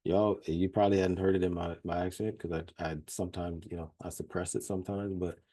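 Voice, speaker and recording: A man's voice: low voice, level tone, brisk, dark tone. A man from Louisiana with a Southern accent, a psychologist giving a folksy, chatty training talk over a video call. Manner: folksy, chatty, self-deprecating humor. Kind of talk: casual webinar lecture.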